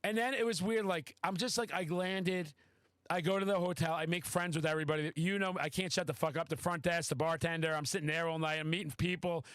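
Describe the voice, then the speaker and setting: A man hosting a podcast, telling a story in casual chat, excitable and swearing freely. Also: fairly high pitch, fairly quick, no echo. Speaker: podcast host.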